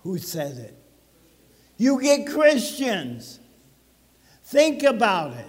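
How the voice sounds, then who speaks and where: A man's voice: high voice, sing-song, slow pace, pauses often, long reverb tail. A man pastor preaching a sermon to his congregation in a conversational way, putting questions to the listeners. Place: church sanctuary.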